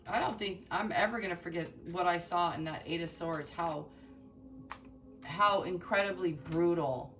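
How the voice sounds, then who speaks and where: A woman's voice: on the low side, normal speed, a bit bright, recorded from a distance, slight background noise. A woman giving a heartfelt, emotional tarot reading, speaking straight to her viewers with many fillers and restarts. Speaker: tarot reader.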